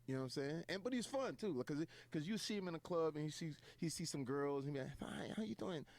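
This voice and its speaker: A comedian telling stories on stage, acting out the people in them. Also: male voice, fairly high pitch, fast. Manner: animated, acts out quotes. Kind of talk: comic storytelling on stage.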